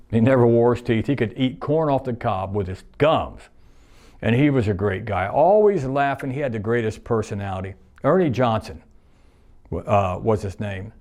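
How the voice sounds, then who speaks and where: A man's voice: on the low side, a little mellow. A man in his sixties, a retired plant worker, reminiscing in a rambling, folksy way, repeating himself and using nonstandard grammar.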